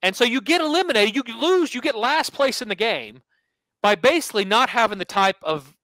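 Man, podcast host, high lively voice, bright, casual storytelling, dry close mic. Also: fairly quick, no echo, rough recording. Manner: animated storyteller, acts out quotes. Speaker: podcast host and sports handicapper.

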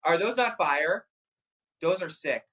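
A man hosting a live shopping stream, excitedly hyping luxury items and talking straight to his viewers. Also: a little high, unhurried, breathy edge, rough recording. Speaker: livestream shopping host. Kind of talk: live sales stream chat.

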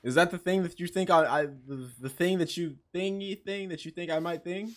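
A man giving casual let's-play commentary, excitable, swearing and reading game text aloud. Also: high voice, a little fast. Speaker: gaming channel host.

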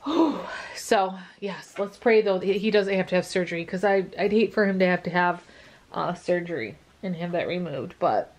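A woman's voice: on the low side, normal speed. Teary, relieved woman vlogger. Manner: emotional, relieved, teary, many fillers. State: tearing up. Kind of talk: casual vlog update.

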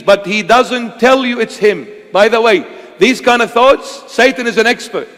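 A man's voice: very high voice, moderate pace, fairly bright tone. A man preaching a sermon with impassioned, emphatic delivery, sometimes acting out voices. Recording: long hall reverb.

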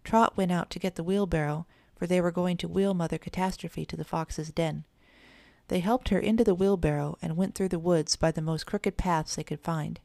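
A woman narrating a children's audiobook in a measured storytelling way. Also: on the low side, fairly even intonation, creaky, mellow, no room sound.

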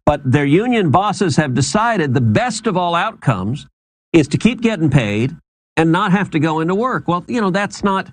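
A politician being interviewed, giving indignant talking points with stammering restarts. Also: male voice, on the high side, big pitch swings, normal speed, dry recording.

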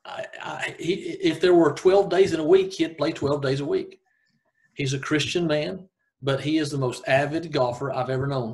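A man in his fifties with a Southern American accent, a golf coach telling personal stories in an interview, earnest and halting with many restarts. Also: mid-range voice, steady tone. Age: 50s. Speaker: high school golf coach, guest. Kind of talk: casual interview storytelling.

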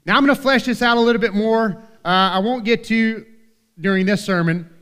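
A man's voice: high-pitched, fairly quick, fairly bright tone, smooth, in a large hall. A man preaching a sermon as pastor in a church, talking earnestly and conversationally and often checking in with "right?". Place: church sanctuary.

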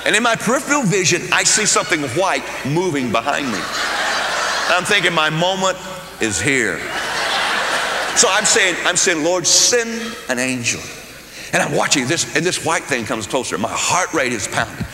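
A man doing stand-up storytelling, animated and acting out voices, recorded in an echoey hall with an audience. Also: a little high, normal speed, very noisy. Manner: animated, acts out voices and screams. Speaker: comedian. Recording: echoey hall with live crowd. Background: audience laughter.

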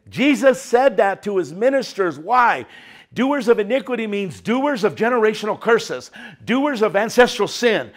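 A male preacher giving a conversational sermon in an animated, chatty way. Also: high-pitched, unhurried.

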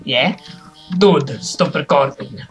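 A man, playing a video game with a friend, easily excited and prone to panicked yelling. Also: mid-range voice, slow pace, faint music behind. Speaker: gameplay co-host. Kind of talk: casual gameplay chat.

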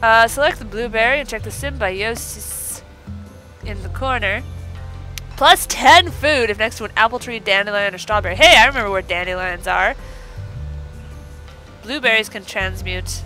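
A woman's voice: mid-range voice, bright, forceful tone, low-quality recording. A woman hosting a let's play, giving bubbly, chatty commentary and talking to the game as she plays. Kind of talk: casual gameplay commentary.

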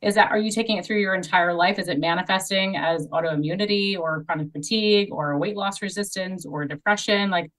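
A woman's voice: medium pitch, brisk, hardly any pauses, fairly bright tone, recorded from a distance, low-quality recording. Earnest woman a bit off-mic. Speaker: podcast guest. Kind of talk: casual podcast conversation.

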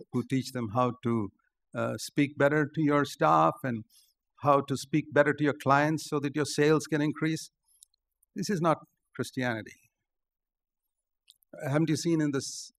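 Gravelly emphatic preacher. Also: male voice. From India. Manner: emphatic, rises to stressed points then drops low. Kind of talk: sermon.

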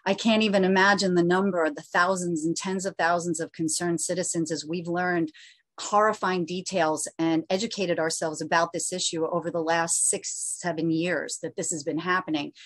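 A woman's voice: on the low side, fairly bright tone, no room sound. Earnest pleading woman testifying. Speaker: public testifier. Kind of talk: impassioned public testimony. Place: remote video hearing. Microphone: video call.

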